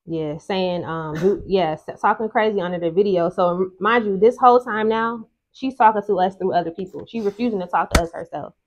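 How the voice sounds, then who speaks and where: A woman co-hosting, retelling events in animated, emphatic casual chat. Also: mid-range voice, a little fast, hardly any pauses. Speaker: co-host. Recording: slightly dull lo-fi sound.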